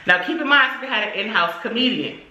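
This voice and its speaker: A young adult woman vlogger telling a story casually, in animated, slangy, profane speech. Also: a little high, a little fast, muffled recording. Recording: echoey room.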